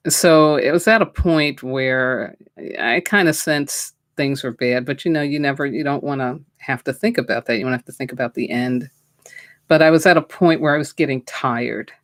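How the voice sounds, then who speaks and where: Woman host, spiritual teacher; slow, heartfelt storytelling and prayer; dry, close sound. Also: a bass voice, no room sound.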